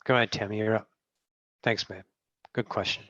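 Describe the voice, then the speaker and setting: A trans woman channeling spiritual teachings in a meeting, blunt and profane, swinging from low murmurs to loud outbursts. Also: fairly even intonation, moderate pace, no room sound. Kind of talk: channeling session talk. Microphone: video call. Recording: dull, dry video call audio.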